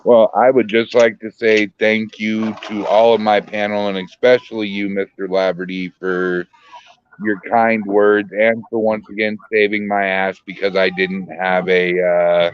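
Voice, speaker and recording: A man's voice: fairly low pitch, level tone, measured pace, clear, resonant tone, dry recording, muffled recording. A man hosting a paranormal podcast, joking loosely as he wraps up the show. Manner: loose, joking sign-offs. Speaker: podcast host. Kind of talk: casual podcast chat.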